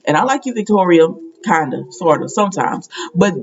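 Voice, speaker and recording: A woman's voice: on the low side, big pitch swings, moderate pace, gravelly, darkish tone, recorded from a distance, dull audio. A woman recapping a soap opera episode in a casual, opinionated way, laughing as she retells the scenes.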